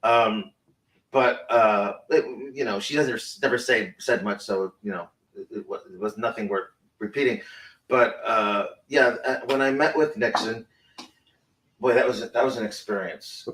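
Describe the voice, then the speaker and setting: An actor playing a hesitant male film director who tells an anecdote in halting bursts, full of restarts and fillers. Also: fairly low pitch, a bit bright, a little hiss or hum. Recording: roomy, distant mic.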